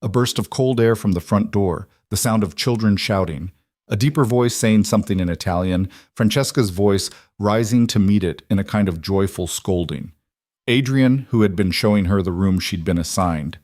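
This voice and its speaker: Recorded in studio quality with no room sound, this romance audiobook is read by a man with a fairly low pitch. He tells the story evenly and at a measured pace.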